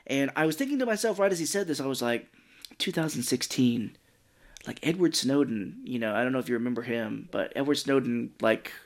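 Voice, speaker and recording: This man co-hosts a podcast and recaps a film in loose, casual talk. He bounces through scenes and drops into quick quoted lines from the characters, swearing as he goes. His voice sits at an ordinary middle pitch. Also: expressive. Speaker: podcast co-host. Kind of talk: casual movie recap chat.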